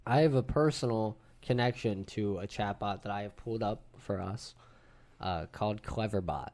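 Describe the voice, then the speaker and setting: A man in his thirties hosting a podcast, telling a story to friends in an animated, casual way and swearing freely. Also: fairly low pitch, moderate pace. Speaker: podcast host. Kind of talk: casual group chat.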